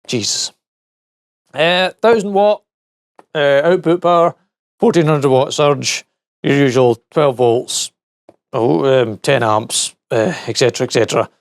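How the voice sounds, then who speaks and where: A man's voice: medium pitch, measured pace, no room sound, studio quality. A man reviewing tech in a casual teardown vlog, rambling and correcting himself with wry asides. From United Kingdom.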